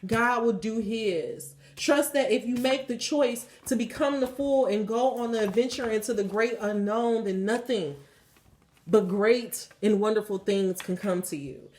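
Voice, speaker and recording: A woman's voice: on the high side, a little slow, darkish tone, reverberant. A woman tarot reader giving a blunt, emphatic spiritual pep talk and leading affirmations, swearing freely.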